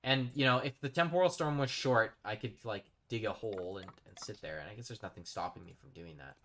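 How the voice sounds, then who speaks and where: A man's voice: fairly low pitch, a little fast, bright, forceful tone. A man chatting casually while live-streaming a game, rambling and reading out his chat. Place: home streaming setup.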